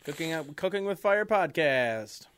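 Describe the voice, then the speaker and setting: A man's voice: on the high side, animated, measured pace, a bit bright, clean tone, dry recording. A man co-hosting a podcast in casual chat, throwing in short, profane quips and reactions. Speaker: podcast co-host.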